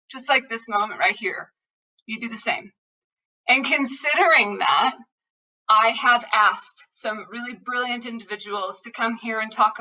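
A woman's voice: fairly high pitch, pushed and bright, far from the mic, poor audio. A woman hosting a podcast, giving an earnest, impassioned opening monologue and repeating her calls to action. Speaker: podcast host.

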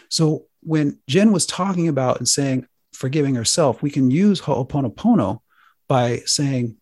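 A man hosting a talk show, speaking earnestly and with drawn-out emphasis. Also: medium pitch, lively intonation, darkish tone, breathy edge, no room sound, studio quality. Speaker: host.

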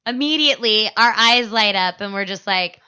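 Young woman from arizona on a comedy podcast, bright voice, swears a lot, acts out everyone in her stories. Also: mid-range voice, moderate pace, clean tone. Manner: crude, storytelling, laughs often, acts out quotes. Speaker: podcast co-host. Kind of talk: casual comedic chat.

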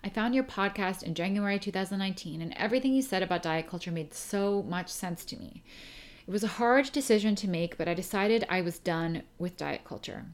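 A young adult woman hosting a podcast, reading a listener email aloud and chatting in a rambling, emotional way, laughing through tears. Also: on the low side. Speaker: podcast host.

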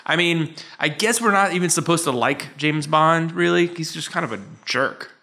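Male co-host, casual comic riffing, slightly raised pitch, laughs easily. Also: moderate pace, creaky, bright, forceful tone. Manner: rambling, joking, laughs often. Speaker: podcast co-host. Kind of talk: casual comedic chat.

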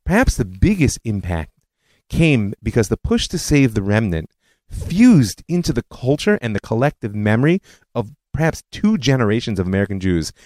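A man's voice: mid-range voice, moderate pace, no echo. Guy hosting a history podcast, tells it like a story w/ side comments, voice goes all over, dry close sound. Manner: animated storytelling with personal asides. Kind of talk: scripted history lecture narration.

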